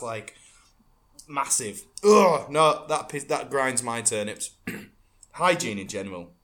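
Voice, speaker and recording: A man's voice: mid-range voice, fairly bright tone. A man, co-hosting a crude casual podcast, ranting with lots of swearing and laughter. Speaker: podcast co-host.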